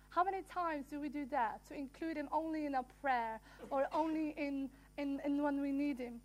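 A woman with a high, light voice leads a small prayer gathering. She speaks earnestly and gently, pausing and restarting as she reads a devotional passage aloud.

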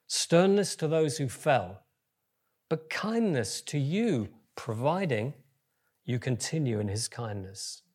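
Husky-voiced man preaching with big swings. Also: mid-range voice, slow. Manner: lively preaching, swings from soft to loud. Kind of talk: sermon.

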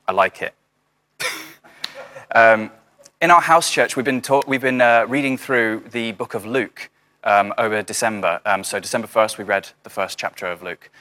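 A young man leads a house church with an informal sermon over a video call, his voice fairly low, pushed, and bright. He's chatty, uses plenty of fillers, and drops dry, jokey asides.

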